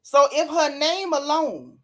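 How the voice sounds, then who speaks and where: Live-stream host, woman, sassy and animated, slightly high voice. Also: unhurried. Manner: sassy, animated, Southern Black vernacular gossip; yawns and laughs often. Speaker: reality TV recap host reading live chat. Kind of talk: casual live-stream chat.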